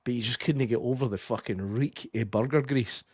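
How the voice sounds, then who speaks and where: A young Scottish man co-hosting a podcast, chatting casually about a film, sweary and animated, often slipping into impressions. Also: medium pitch, brisk, slightly rough, dry recording. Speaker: podcast co-host. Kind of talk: casual film review chat.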